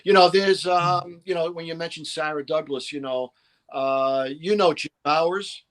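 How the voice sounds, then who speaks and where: A man's voice: on the high side, normal speed, fairly bright tone. A middle-aged man, a guest historian, telling stories in a rambling way with constant "you know" fillers. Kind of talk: casual podcast storytelling.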